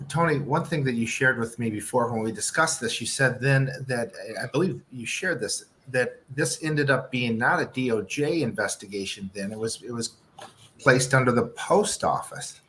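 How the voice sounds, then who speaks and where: A man's voice: mid-range voice, moderate pace, a bit bright, slight background noise, poor audio. A man hosting a radio talk show, asking his guest to recall what he said before. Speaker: host. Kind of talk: interview question.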